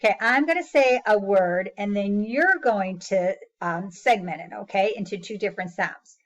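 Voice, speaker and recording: A woman's voice: medium pitch, normal speed. A woman teaching a phonics lesson to young children, patiently sounding out words and praising each answer.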